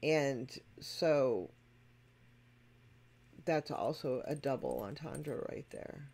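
A music reaction host talks straight to the viewers at a mid pitch, stressing each point as they explain it. The delivery is casual and conversational. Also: expressive, drawn-out words, darkish tone. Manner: emphatic and explanatory, addresses viewers directly. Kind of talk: casual spoken commentary to viewers.

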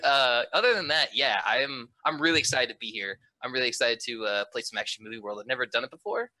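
A man's voice: medium pitch, fast talker, pushed and bright, no room sound, rough recording. A man chatting casually before a tabletop game, rambling with lots of fillers and restarts. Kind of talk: casual chat.

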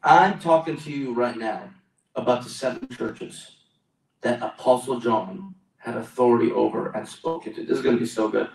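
A man's voice: mid-range voice, moderate pace, creaky, darkish tone. A male pastor preaching a sermon in a church hall, exclamatory and calling for responses from the congregation. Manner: exclamatory, calls for audience responses. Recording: roomy echo, mic at a distance.

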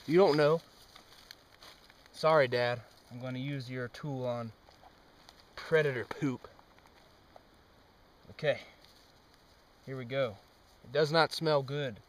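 Slow, deadpan young man outdoors. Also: a little high, distant mic. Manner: deadpan, mock-serious narration with sudden outbursts. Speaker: amateur experimenter. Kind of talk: mock-scientific comic monologue. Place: outdoors on a trail.

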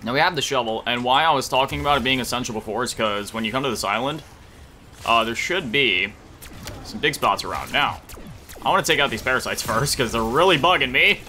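A man's voice: mid-range voice, fairly quick, pushed and bright, slight background noise. A man giving rambling, jokey commentary while playing a game, tired early in the morning. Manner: rambling, jokey, sing-song asides. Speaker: gaming YouTuber. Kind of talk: casual gameplay commentary.

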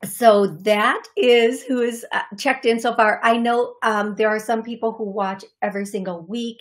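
A woman's voice: a little high, fairly even intonation, moderate pace. Chatty woman hosting a call-in show. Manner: chatty and friendly, greets viewers by name; speaks in short bursts with frequent fillers and restarts. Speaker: psychic medium host of a call-in show. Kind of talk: casual live-show chat.

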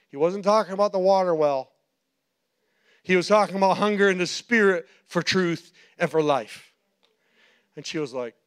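A male pastor preaching a sermon, telling stories with animated quoted voices and frequent laughter. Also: high-pitched, moderate pace, pauses often, smooth. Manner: animated storytelling, acts out quotes, laughs often. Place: church.

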